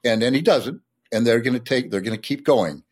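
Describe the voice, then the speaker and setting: A man's voice: mid-range voice, lively intonation, fairly quick, a little mellow, breathy edge. A man, a sportswriter and poet, explaining and reciting a poem with enthusiasm in a podcast conversation.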